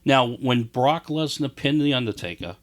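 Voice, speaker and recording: A man of middle pitch chats as a guest, eagerly going through events one by one. His tone is plain and conversational. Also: expressive, moderate pace. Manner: enthusiastic, recounts events in detail. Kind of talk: casual chat.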